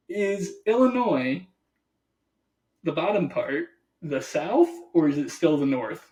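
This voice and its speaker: Animated male podcast co-host. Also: on the high side, measured pace. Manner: animated, acts out quoted people, laughs often. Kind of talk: casual chat.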